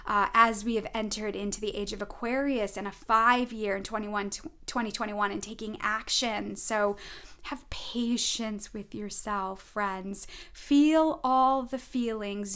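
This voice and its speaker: A woman's voice: a little high, steady tone, a little slow, a bit bright. A middle-aged woman, a spiritual advisor, talking earnestly to viewers in a casual storytelling way, often checking in with "right?". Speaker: spiritual advisor giving a tarot reading.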